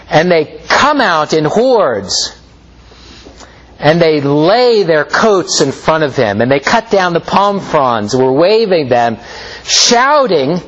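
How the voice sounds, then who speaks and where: A man preaching a sermon in a slow, measured way, rising and falling as he stresses points. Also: highs cut off. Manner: slow, measured preaching with lively pitch swings.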